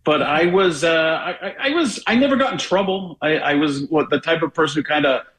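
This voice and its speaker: A man's voice: on the high side, expressive, a little fast, a bit bright, poor audio. A man from Wisconsin, a comedian guest on a radio show, chatting casually and rambling with stammered restarts. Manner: rambling, self-deprecating, restarts with stammered repeats. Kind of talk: casual radio interview chat.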